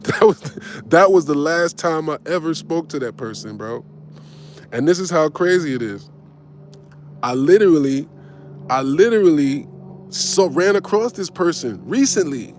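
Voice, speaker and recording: A man in his forties telling a personal story in casual, profane talk, tagging his lines with "right?" and acting out both sides. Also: a little high. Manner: animated, swearing, tags lines with "right?".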